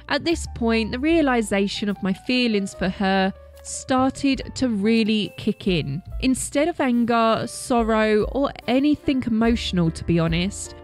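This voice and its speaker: A woman narrating a first-person story in a measured, scripted read. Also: a little high, animated. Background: faint background music.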